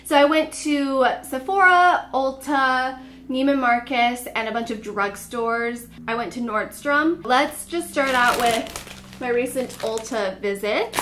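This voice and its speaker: A young woman talks through a casual beauty haul in a chatty, upbeat way, filling her sentences with "like". Her voice sits a little high. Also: slow, fairly bright tone, a little hiss or hum. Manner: chatty, upbeat, filler-heavy with frequent "like". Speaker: beauty vlogger.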